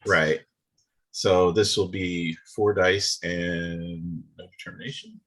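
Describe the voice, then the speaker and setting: A man's voice: sits low, steady tone, slow, a bit bright. A man playing in a tabletop game, chatting casually with hesitant, stumbling phrasing. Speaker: player.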